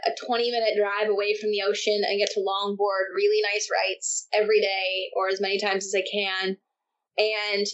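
A young woman guest on an interview, telling surf stories in a lively, animated way with frequent laughs. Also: medium pitch. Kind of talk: casual interview chat. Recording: dull lo-fi sound.

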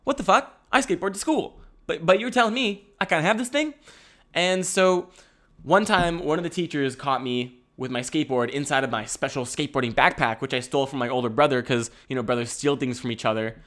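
A man's voice: on the high side, brisk, fairly bright tone. A young man telling a rambling comic story, swearing freely, laughing often and breaking into self-mocking asides. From Canada.

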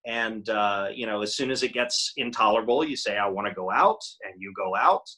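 Middle-aged male voice actor guest, bright and slightly husky, easygoing storyteller. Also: lowish voice, a little fast. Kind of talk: casual interview chat.

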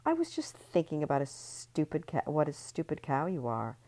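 A woman reading aloud and voicing a bitter, sharp-tongued young mother who mocks others. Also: low voice, wildly swooping pitch, moderate pace, heavily acted. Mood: sneering. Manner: sneering, mocking.

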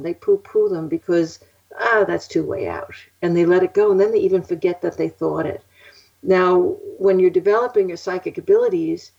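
Chatty older woman, husky and muffled. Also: on the low side. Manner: chatty, laughs often, animated storyteller. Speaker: psychic guest. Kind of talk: casual interview storytelling. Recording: muffled lo-fi audio.

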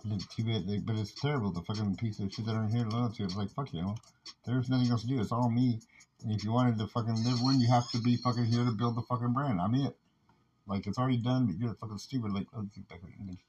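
An agitated man rants in a loose, rambling monologue, swearing constantly and piling up filler words. He talks quickly. The recording is muffled and lo-fi, with a faint hiss of noise behind him. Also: mid-range voice, fairly even intonation, a little mellow. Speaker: podcast host.

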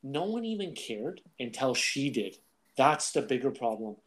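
A man's voice: medium pitch, unhurried. A man, a comedian co-hosting a podcast, telling stories in casual chat and acting out other people's voices. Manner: animated storytelling, acts out voices.

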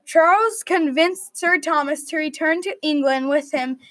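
A woman reading a medieval adventure story aloud at a steady read-aloud pace. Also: high voice, a little slow, no room sound.

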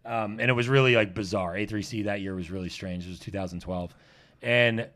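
A man's voice: fairly low pitch, a little fast. A man, a podcast guest telling rowdy stories in casual chat, swearing and laughing as he goes. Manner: animated, swearing, laughing storyteller.

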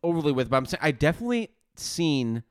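A man's voice: fairly high pitch, sing-song, quick pace, smooth. A young man co-hosting a casual podcast, telling stories animatedly, acting out quotes and swearing freely. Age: young adult. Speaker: podcast co-host. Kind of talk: casual chat.

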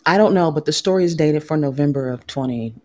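A woman's voice: deep voice, quick pace, darkish tone. A woman co-hosting a casual chat show, laughing often, joking crudely and reading a news story aloud. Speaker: podcast co-host.

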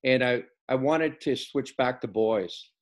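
A man's voice: mid-range voice, a little slow. Male coach, conversational storyteller, voices the other people in his anecdotes. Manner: tells stories by acting out quoted dialogue. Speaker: basketball coach. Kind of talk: casual storytelling interview.

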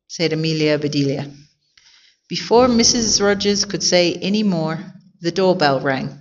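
A woman reading a children's picture book aloud in a clear, expressive way. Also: deep voice, moderate pace, muffled recording. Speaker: storyteller.

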